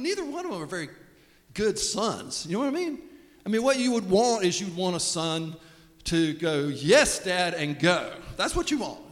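A man preaching a casual, humorous sermon, acting out the voices of the people he quotes. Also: high voice. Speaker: pastor. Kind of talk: conversational sermon. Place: church sanctuary. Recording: long reverb of a sanctuary.

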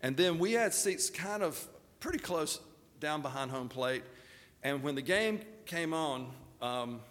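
A man's voice: on the high side, lively intonation, unhurried, fairly bright tone. Middle-aged male pastor, chatty anecdotal preaching, reverberant sanctuary sound. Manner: folksy, anecdotal, laughs at his own stories. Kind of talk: sermon with storytelling. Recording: reverberant hall.

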